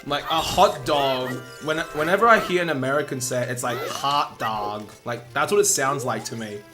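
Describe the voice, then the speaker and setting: Aussie guy streaming a speedrun, rambly and chatty, mid pitch, a bit of game music way in the back. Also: a little fast. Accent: Australian. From Australia. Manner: chatty, rambling, laughs often while answering chat. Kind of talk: casual live-stream chat.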